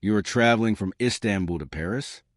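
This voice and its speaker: A man voicing a fastidious middle-aged detective who questions in a dry, formal way. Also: lowish voice, dry recording, lightly acted.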